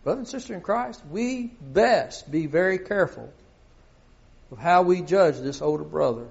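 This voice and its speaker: A man's voice: a little high, animated, normal speed, creaky, a little mellow, lo-fi sound. A middle-aged man preaching a sermon, often asking his congregation questions.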